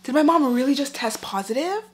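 A woman's voice: sits high, animated, a little fast, a little hiss or hum. A young woman vlogging at home in a chatty, casual way, laughing often. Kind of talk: casual vlog chat.

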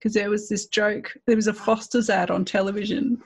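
Australian woman, host, husky breathy tone, mid pitch, wry and quick, video call. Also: fairly even intonation. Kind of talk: casual chat.

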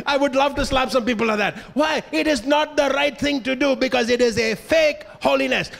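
A male pastor from India preaching with fervor in a church. His voice sits very high and has a gravelly, creaky edge. He keeps pressing the congregation with questions. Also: fairly quick, hardly any pauses, a bit bright, faint music behind. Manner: passionate, emphatic, questions the congregation. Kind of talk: sermon. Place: church hall.

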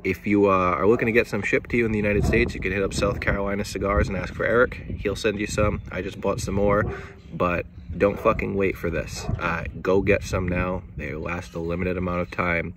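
A man's voice: low voice, little pitch movement, fairly quick, background noise. A man giving a casual, laid-back video review who repeats words and swears offhandedly. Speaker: cigar reviewer.

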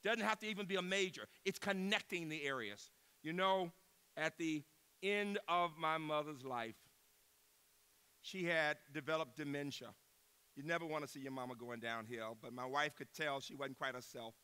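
A man in his sixties, a university president, giving an inspirational keynote speech and telling stories with emphasis, moving from loud bursts to hushed tones. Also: on the high side, normal speed, clean tone. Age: 60s.

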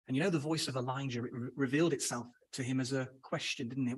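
A man's voice: medium pitch, fairly even intonation, fast talker, slightly rough, rough recording. A man preaching a sermon, addressing brothers and sisters and asking rhetorical questions. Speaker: Bible speaker.

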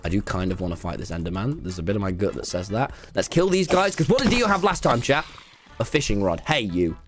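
A young man streaming a game, talking to chat, swearing and bursting into yells. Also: on the low side, quick pace. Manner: excitable, swearing, yelling bursts. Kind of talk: gaming livestream commentary. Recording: game music behind the voice.

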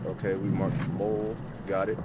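A man's voice: sits low, monotone, normal speed, highs cut off, very noisy. A man playing a horror game on his channel, rambling nervously, repeating himself and talking to viewers as bro and y'all; he is scared and sweating. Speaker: gaming let's-play host. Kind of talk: horror game let's play commentary. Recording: loud game music behind.

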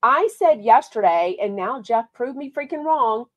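A woman's voice: fairly high pitch, unhurried, lo-fi sound. Chatty Texan woman podcast host. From Texas. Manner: chatty, lively, reads viewer comments aloud. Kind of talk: casual chat.

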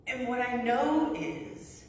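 A woman's voice: on the high side, animated, slow pace. Brief: chatty woman preaching in an echoey church. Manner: conversational, storytelling, frequent "right?". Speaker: pastor. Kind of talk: sermon. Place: church sanctuary. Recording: echoey hall from far off.

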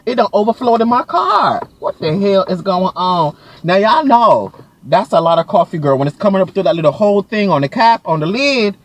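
A flamboyant man chatting sassily while driving. His high voice swoops up and down with drama. The steady drone of the car is plain behind him. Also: a little fast, a little hiss or hum. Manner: sassy, flamboyant, dramatic, keeps saying "girl" and "Miss Thing". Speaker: delivery driver vlogger. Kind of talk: casual vlog chat.

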